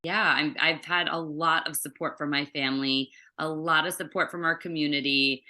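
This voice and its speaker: A woman from Maryland chats as an interview guest. Her voice sits low but sounds bright and forceful. She tells family stories with animation. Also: steady tone, normal speed. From Maryland, USA. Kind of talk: casual interview conversation.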